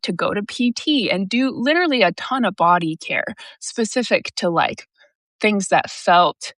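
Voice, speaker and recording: A woman's voice: mid-range voice, fairly bright tone, no echo. Chatty, swearing woman reader talking to camera. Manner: chatty, swearing, rambling with frequent fillers. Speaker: intuitive reader. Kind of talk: casual monologue to camera.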